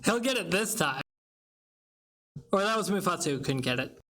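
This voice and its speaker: A man's voice: high-pitched, expressive, moderate pace, pushed and bright. A man chatting on an online voice call before an improv game, offhand and wry. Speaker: improv player. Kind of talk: casual chat on a voice call. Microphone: online voice chat mic.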